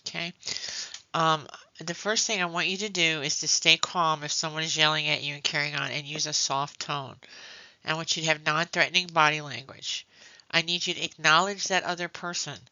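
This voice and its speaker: A woman's voice: sits low, steady tone, normal speed, pushed and bright, dry recording. A woman nursing instructor giving a conversational classroom lecture, often checking in with "okay?" and telling stories from work. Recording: dull muffled lecture recording.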